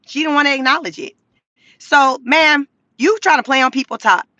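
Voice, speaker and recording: A woman's voice: high voice, normal speed, sharp tone, no room sound, highs cut off. A woman vlogger delivering a blunt, profane, mocking commentary rant from inside a car.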